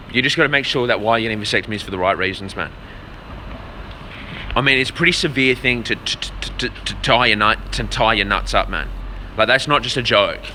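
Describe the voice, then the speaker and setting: Bright-voiced blunt man ranting. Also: medium pitch, a little hiss or hum. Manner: blunt and profane, fillers like "man" and "brother"; repeats words while searching for them. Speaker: livestreamer answering chat. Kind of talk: casual rant to a live audience.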